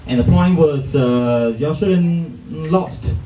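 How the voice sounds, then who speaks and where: A male stand-up comedian, halting with many restarts and fillers, performing in a comedy club. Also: a little high, warm tone, roomy sound, recorded from a distance, lo-fi sound. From Vietnam. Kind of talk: stand-up set.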